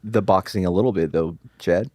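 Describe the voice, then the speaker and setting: Man, low voice, podcast co-host, joking and excitable, dry recording. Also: brisk, dry recording. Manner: excitable, joking, laughs often. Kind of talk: casual podcast chat.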